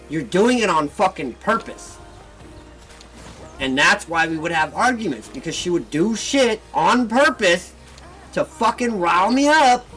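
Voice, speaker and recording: A man hosting a gaming channel, ranting heatedly and with lots of swearing about his personal troubles, flipping between bitter muttering and loud outbursts. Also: high voice, rough recording. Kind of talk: venting casual rant. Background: faint background music.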